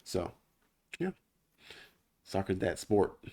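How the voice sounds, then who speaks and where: A man's voice: low-pitched, very animated, slow, vocal fry, dark tone. A man hosting a podcast in casual chat, rambling off on tangents and laughing often. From Nigeria and United States. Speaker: podcast host.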